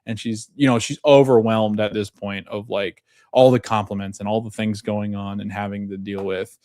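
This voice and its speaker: A man's voice: on the low side, flat delivery, moderate pace, mellow, no echo. A young adult man, a podcast host, casually recapping a TV episode and retelling its scenes in a loose, conversational way.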